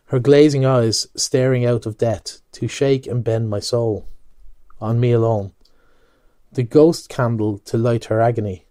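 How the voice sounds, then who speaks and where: A man reading literature aloud for a podcast, measured, now and then stumbling and correcting himself. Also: mid-range voice, fairly even intonation, mellow, dry recording. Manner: measured, with occasional slips and self-corrections. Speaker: podcast reader.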